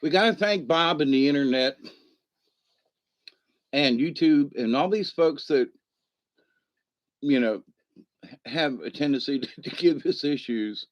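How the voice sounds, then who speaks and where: A man's voice: on the high side, expressive, unhurried, pauses often, no room sound, highs cut off. A man hosting a casual livestream, rambling through stories, laughing often and answering the chat. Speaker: livestream host.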